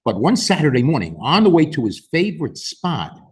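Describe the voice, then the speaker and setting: A man reading a picture book aloud to children, expressive and pausing to ask questions. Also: a little high. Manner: expressive, slow and animated, asks the listener questions. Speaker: storyteller.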